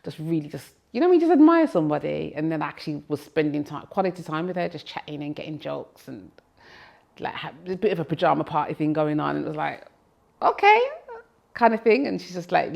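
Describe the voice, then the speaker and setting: A woman gospel singer reminiscing in an interview, talking in a lively, expressive way. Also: sits low, gravelly.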